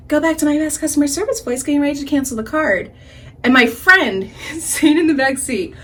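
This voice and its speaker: A young woman telling stories while doing her makeup, animated and swearing freely, jittery on caffeine. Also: a little high, a little fast. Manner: animated, swearing, laughing often, squealing when excited. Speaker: beauty vlogger. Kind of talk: chatty get-ready-with-me storytelling.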